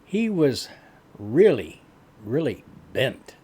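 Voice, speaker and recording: A man's voice: mid-range voice, sing-song, slow pace, warm tone, slightly rough. A man hosting a reaction channel, giving blunt, opinionated commentary in a conversational way.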